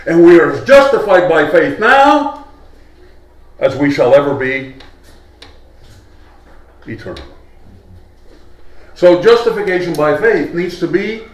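Male preacher, sermon, slow and conversational, echoey hall from far off. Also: fairly high pitch, sing-song. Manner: conversational, asks the congregation questions. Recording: echoey hall, mic at a distance.

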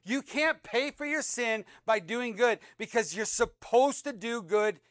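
A man with a high, smooth and resonant voice preaches a sermon with great dynamics. He swings from loud, emphatic repeated phrases down to soft, low asides. The recording is dry and close. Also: unhurried, no echo. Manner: reads scripture aloud, repeats words for emphasis. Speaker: pastor.

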